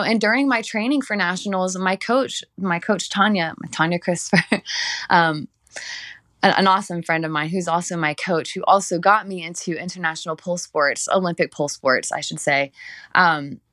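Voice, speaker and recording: A woman's voice: lowish voice, dry recording. A young woman from South Carolina, a pole sports athlete and coach, telling candid stories in a casual interview. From South Carolina, United States. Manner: candid, animated storytelling with quoted voices.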